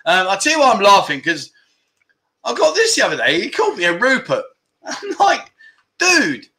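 Bright, chatty man hosting. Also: sits high, wildly swooping pitch, quick pace. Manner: chatty, jokey, reads out viewer comments; slangy, banter-heavy. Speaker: livestream host. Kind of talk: casual livestream chat.

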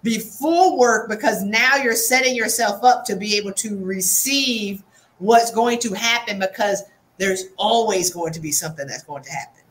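A woman's voice: medium pitch, moderate pace. Chatty, slangy woman hosting a podcast. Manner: chatty, animated, laughs often, slangy asides. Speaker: podcast host. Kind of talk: casual interview chat.

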